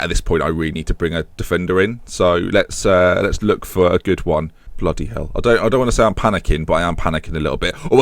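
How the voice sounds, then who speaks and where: Young man, British accent, low voice, dry close recording, chatty game commentary, self-mocking. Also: dry recording. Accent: British English. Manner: self-mocking, chatty, puts on silly high voices for imagined characters. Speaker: gaming YouTuber.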